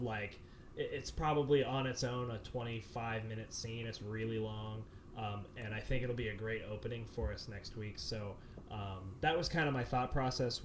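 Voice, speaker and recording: A man's voice: medium pitch, a little hiss or hum. A man directing a community theater show, answering questions at length with many fillers and restarts over a video call. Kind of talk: explanatory Q&A answers.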